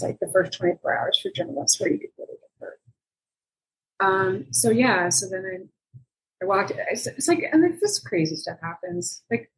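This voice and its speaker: On poor audio, a woman journalist appearing as a guest talks about her reporting and tells a lively, conversational story. When she quotes people she acts it out, and her voice jumps up in pitch.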